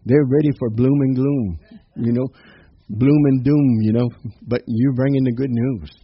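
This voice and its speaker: A man's voice: mid-range voice, steady tone, unhurried, slightly rough, dry recording. A man giving an informal, upbeat devotional sermon, quoting scripture, laughing and punctuating lines with amen. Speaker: preacher. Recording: slightly dull lo-fi recording with faint noise.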